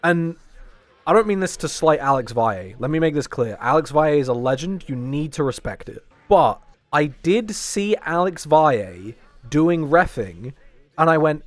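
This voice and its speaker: Young male streamer, animated and jokey, strained voice, dry close sound. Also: fairly high pitch, moderate pace, dry recording. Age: 20s. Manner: rambling, jokey, swears often. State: strained, tired voice. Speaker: fighting game podcast co-host. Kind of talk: casual stream chat.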